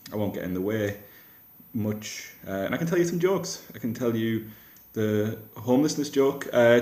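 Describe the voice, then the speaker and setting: A man's voice: fairly low pitch, a little mellow. Rambling man, roomy sound. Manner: self-deprecating, rambling with restarts. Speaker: comedian vlogger. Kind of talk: casual rambling vlog. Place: rented flat. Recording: echoey room.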